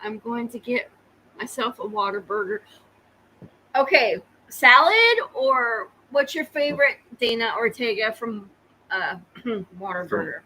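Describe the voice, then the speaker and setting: A woman's voice: a little high, animated, a little slow, pushed and bright, slight background noise, low-quality recording. A woman from Oklahoma co-hosting a casual live podcast, teasing and laughing often. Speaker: podcast co-host.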